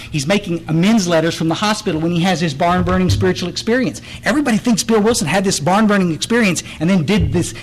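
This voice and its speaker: Man, middle-aged, recovery speaker; raised-pitch voice, emphatic testimony with restarts. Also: low-quality recording. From Texas Hill Country. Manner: earnest, blunt, emphatic, restarts and repeats words. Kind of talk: personal testimony talk.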